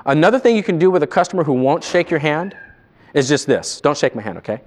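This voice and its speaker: A man training salespeople in a live seminar, animated and quizzing his audience. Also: on the high side, quick pace.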